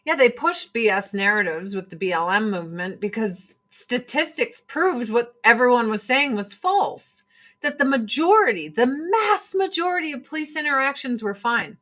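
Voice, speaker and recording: Bright-voiced woman ranting on a livestream. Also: on the high side, moderate pace. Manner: profane, animated, mocking voices in quotes. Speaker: livestream host selling products. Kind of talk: casual livestream rant.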